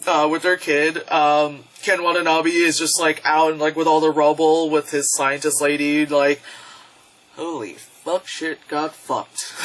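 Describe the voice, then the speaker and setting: A woman casually reviewing a movie in a vlog, excitable and profane, breaking into loud yelps as she retells scenes. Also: low voice, low-quality recording.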